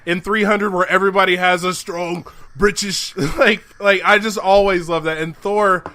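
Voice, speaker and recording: Wry high-voiced man. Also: steady tone, normal speed, pushed and bright. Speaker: podcast co-host. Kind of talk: casual chat over a phone call.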